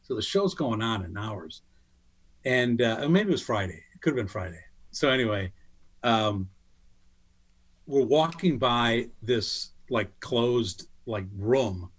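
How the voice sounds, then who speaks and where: A middle-aged man telling a lively story in casual chat, acting out what people said in a higher voice. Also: slow, breathy edge. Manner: animated, acts out quotes in a higher voice. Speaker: guest storyteller. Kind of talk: casual anecdote on a podcast.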